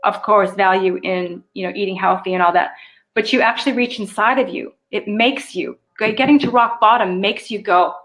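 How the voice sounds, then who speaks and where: A middle-aged woman hosting a live spiritual show, coaching viewers through their questions in a loose, animated way, swearing casually and laughing often. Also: medium pitch, normal speed.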